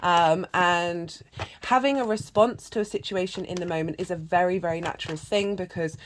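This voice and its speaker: A woman reads tarot in a casual, wandering way. Her voice sits low, and she pauses and restarts often as she thinks. A faint hiss runs under the recording. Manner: rambling, reflective, many fillers. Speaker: tarot reader. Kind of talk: casual spoken reading.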